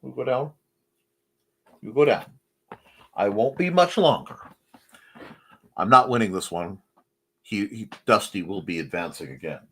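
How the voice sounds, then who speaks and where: A man's voice: fairly low pitch, expressive, unhurried, long pauses, sharp tone. A man hosting a casual live stream, chatting while he draws and talking to his cats in a sing-song voice. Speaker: host.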